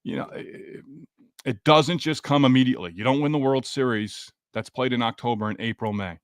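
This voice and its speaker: In a dry recording of studio quality, a man with a medium-pitched voice speaking at normal speed hosts a laid-back sports podcast after a game. He reads out comments from the live chat and says hello to listeners by name as he talks.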